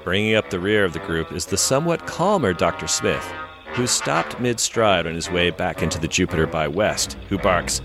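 A man narrates an episode recap with dramatic storytelling flair and acts out the dialogue. His voice sits low and moves through a wide, lively melody. Music plays underneath. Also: normal speed. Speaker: podcast co-host.

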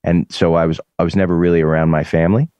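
A man's voice: low-pitched, quick pace, dry recording. A man in his forties from the Boston area, a musician chatting in an interview, rambling with many restarts. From Boston area, USA. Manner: rambling, restarts, animated impressions. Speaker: musician guest. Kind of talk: casual interview chat.

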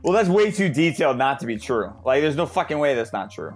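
A man's voice: medium pitch, very animated, quick pace, faint music behind. A young man hosting a truth-or-lie game among friends, joking and teasing as he talks casually. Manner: joking, teasing, swears freely. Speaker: game host. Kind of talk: casual chat.

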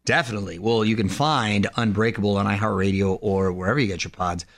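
A man hosting a radio show, upbeat and chummy, trading quick banter with his guest. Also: lowish voice, fairly even intonation. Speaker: radio host.

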